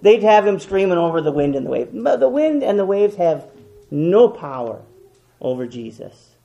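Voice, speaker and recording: Gravelly high-voiced preacher. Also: male voice, big pitch swings, moderate pace, dull audio. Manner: impassioned, swinging from loud emphatic repetition to hushed quiet. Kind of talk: sermon.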